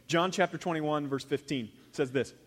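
A middle-aged man delivers a sermon in a relaxed, folksy, conversational way. He drops his voice low for emphasis, then rises into louder stretches. His voice sits slightly higher than most men's. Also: normal speed. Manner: folksy, conversational preaching with big swings in volume. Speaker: pastor.

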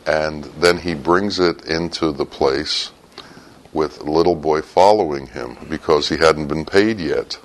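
Man preacher, very low voice, sermon storytelling that rises into sudden emphatic bursts. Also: a little slow, noisy background. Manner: swings from low and quiet to sudden loud, high bursts.

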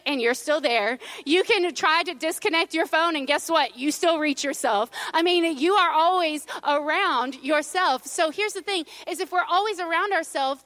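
A middle-aged woman preaches in a relaxed, storytelling manner, tossing playful asides to her congregation. Her voice sits high and rings bright. The sound is close and dry. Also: dry recording. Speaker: pastor. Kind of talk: sermon.

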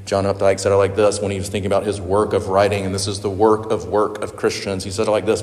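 A man preaching a sermon, earnest and emotional, halting with fillers. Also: low voice, level tone, darkish tone. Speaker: pastor. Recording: echoey hall with long reverb.

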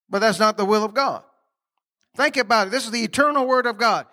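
A man's voice: high-pitched, a little fast, pushed and bright. A man preaching a sermon in a folksy, conversational way, with laughing asides and questions put to the congregation.

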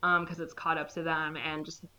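Recapping a movie as a podcast co-host, this woman has a low but bright, lively voice. Her casual storytelling is animated, tossing off quick quoted lines as she plays the characters, captured on a slightly dull lo-fi recording.

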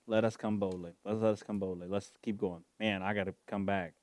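A man preaching a sermon in a fervent, emotional, drawn-out way. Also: lowish voice, level tone, a little mellow, no echo.

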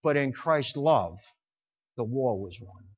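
A man preaching a sermon with passion, swelling to loud emphatic peaks and dropping low, sometimes stumbling over words. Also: animated, slow, highs cut off.

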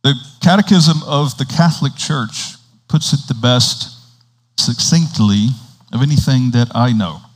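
A man preaching a sermon at a middle pitch, in a chatty, conversational way. He acts out little exchanges between people and keeps asking his listeners "right?" to draw them in. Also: measured pace, big-room sound, rough recording. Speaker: priest.

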